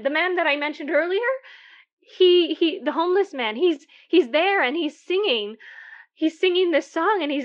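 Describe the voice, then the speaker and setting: A nervous woman caller, played by an actress, recounts her night in a high, halting voice that stumbles and repeats itself. The audio is dull and lo-fi, like a call-in to a radio drama. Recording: dull lo-fi sound.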